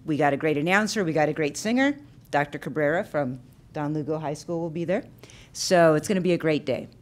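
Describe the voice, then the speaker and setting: A woman speaks on behalf of a community organization, promoting an event in an upbeat, friendly way. Her voice sits slightly low. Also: fairly quick. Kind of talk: public announcement at a council meeting.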